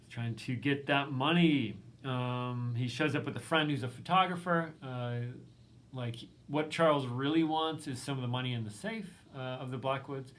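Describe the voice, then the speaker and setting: A man's voice: mid-range voice, normal speed, fairly bright tone. A male literature professor giving a recorded lecture in a casual, conversational way, full of ums and likes, reading quotes aloud.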